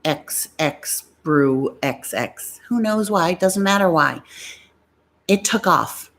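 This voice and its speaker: Middle-aged woman live-streamer from New York, chatty and blunt, lower-pitched, close ASMR mic. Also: expressive, takes it slowly. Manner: chatty and blunt, many "like" fillers, tangents. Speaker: YouTube live-stream host. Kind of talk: casual live-stream chat. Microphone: ASMR microphone.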